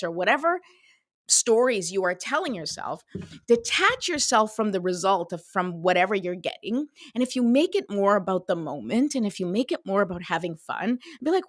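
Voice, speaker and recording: A chatty woman host in her thirties gives a motivational talk, her voice sitting a bit high. She is animated and loose, with lots of fillers. The sound is dry and close, with no room behind it. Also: moderate pace, dry recording.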